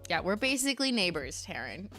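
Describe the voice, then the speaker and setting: A woman's voice: mid-range voice, big pitch swings, moderate pace, sharp tone, faint music behind. A woman hosting a casual livestream, reading viewer letters aloud with wry asides and frequent laughter. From Canada. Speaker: host reading viewer mail.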